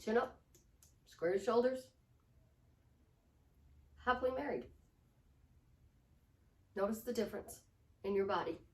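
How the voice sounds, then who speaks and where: A woman's voice: medium pitch, fairly quick, pauses often, a little mellow, echoey room, far from the mic. A woman life coach giving a motivational talk, emphatic and repetitive, sometimes sinking to a whisper to show a point.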